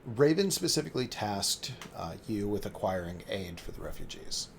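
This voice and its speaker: Low-voiced game master narrating. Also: male voice, sing-song, creaky, slight background noise. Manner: measured, with fillers.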